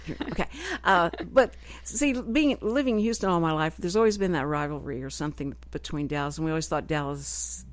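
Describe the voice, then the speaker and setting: Texan woman radio host, lowish voice, dry studio sound, chatty and rambling. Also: brisk, hardly any pauses, no room sound. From Texas. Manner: chatty, rambling, self-deprecating. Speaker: radio talk show host. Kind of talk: casual chat.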